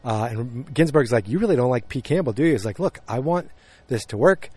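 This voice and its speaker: A man's voice: medium pitch, lively intonation, brisk, darkish tone, husky, no echo. A man casually retelling a TV episode, rambling with lots of fillers and quoted lines. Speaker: podcast host recapping a TV episode. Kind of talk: casual chat.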